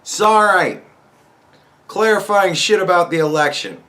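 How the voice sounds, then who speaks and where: Foul-mouthed ranting man, high animated voice. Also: a little slow. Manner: angry, swearing constantly, mocking. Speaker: podcast host. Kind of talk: profane political commentary rant.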